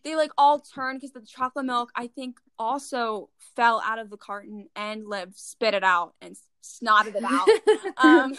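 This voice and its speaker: Teen girl, chatty storyteller, bright and close-miked. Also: fairly high pitch, normal speed, few pauses, clean tone, dry recording. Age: teens. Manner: chatty, fillers like "like", animated retelling. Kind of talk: casual chat.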